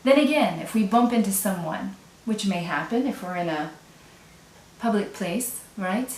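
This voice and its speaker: Female teacher, patient step-by-step explainer, mid-pitched, recorded at a distance in a reverberant room. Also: expressive, darkish tone, slight background noise. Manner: explains step by step, repeats example phrases slowly. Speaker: French teacher. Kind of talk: classroom language lesson. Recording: echoey room, voice away from mic.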